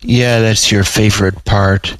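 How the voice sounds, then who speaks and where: A man's voice: fairly low pitch, flat delivery, unhurried, a bit bright, clean tone, no room sound. A man doing a weary exasperated female panther. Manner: exasperated, grudging.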